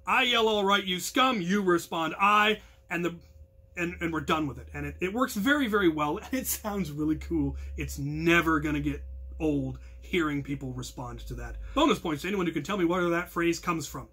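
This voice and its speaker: A man leading his hobby combat crew instructs them earnestly, walking through protocols and breaking into loud call-outs now and then. His voice is a little high and slightly rough, with lively intonation at a normal speed.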